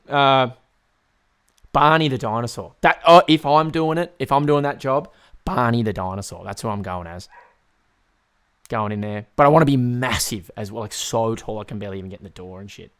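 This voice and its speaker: A man's voice: mid-range voice, expressive, moderate pace, pauses often, fairly bright tone. A man, hosting a podcast and telling a rambling story with loose swearing and many restarts. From Tasmania, Australia. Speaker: podcast host.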